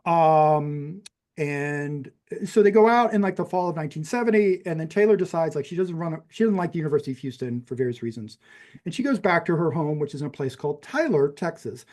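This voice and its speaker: Slightly high and darkish, this man's voice is animated and a little quick. A New Mexico native in his fifties with a general American accent, he's a podcast guest whose conversational storytelling about his own life rambles, with frequent fillers and restarts.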